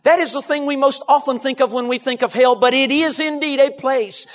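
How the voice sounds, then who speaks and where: A man preaching a sermon, telling a story dramatically and dropping to hushed tones, addressing the congregation directly. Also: very high-pitched, fairly even intonation, brisk.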